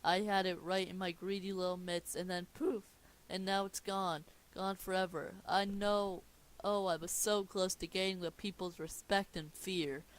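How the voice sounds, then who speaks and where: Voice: mid-range voice, little pitch movement, moderate pace, voice pushed up, close to an everyday voice. A reader doing a whiny tiny cartoon villain. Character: tiny scheming villain plankton, male. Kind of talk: casual script reading.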